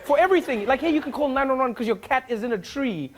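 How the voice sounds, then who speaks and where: A man's voice: very high voice, fast talker. A man, a talk show host telling comic stories and acting out the voices of people in them. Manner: animated, acts out quoted voices. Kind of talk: comic storytelling.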